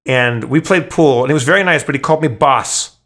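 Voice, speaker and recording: A man hosting a podcast, telling a story in loose, casual chat. He rambles, restarts sentences with stammers, and swears freely. His voice sits at an ordinary pitch for a man. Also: a little fast, fairly bright tone. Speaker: podcast host.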